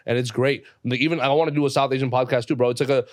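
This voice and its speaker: A young man in his twenties rattles off stories in quick, animated street slang, swearing as he goes. He talks at a very fast clip. The recording is close and dry, with no room sound. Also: medium pitch, dry recording. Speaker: jeweler guest. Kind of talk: casual podcast conversation.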